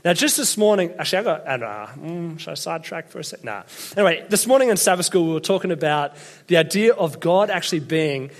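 A man's voice: fairly high pitch, lively intonation, fast talker. A young Australian man giving a casual sermon, telling chatty, self-deprecating stories to a church congregation. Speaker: preacher.

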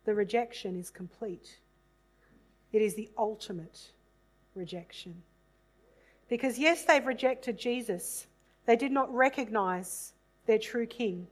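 A woman reading a Bible passage aloud in a measured, solemn way, then reflecting on it. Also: fairly high pitch, rough recording.

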